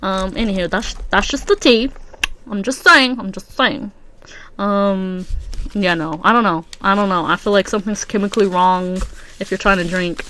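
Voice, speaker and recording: A woman's voice: medium pitch, normal speed, pushed and bright. Slangy young woman with a stuffy nose. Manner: slangy and rambling, many fillers. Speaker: podcast host. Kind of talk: casual solo podcast chat.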